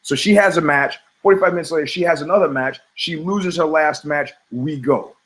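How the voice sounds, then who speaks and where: Middle-aged male podcast host, slightly high-pitched, sardonic and profane, rambling comic storyteller. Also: brisk, fairly bright tone, low-quality recording. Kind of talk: rambling comedic monologue.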